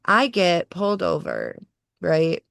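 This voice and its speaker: A woman in her forties telling a personal story as a podcast guest, animated and acting out the voices of others. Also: on the low side, takes it slowly, vocal fry, dry recording, clean studio sound. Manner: animated, acts out quoted voices, laughs through the story. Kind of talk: personal storytelling in casual conversation.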